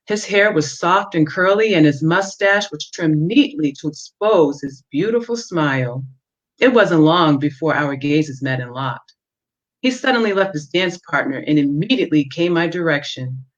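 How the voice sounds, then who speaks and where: A woman author reading excerpts from her own novel at a measured pace, with a few fillers in between, heard through dull lo-fi audio. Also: low voice, animated.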